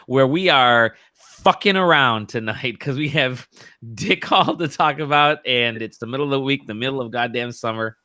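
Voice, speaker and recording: A man's voice: mid-range voice, normal speed, bright, forceful tone, no room sound. A man hosting a podcast, in loose, profane banter. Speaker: podcast host. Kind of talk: casual podcast chat.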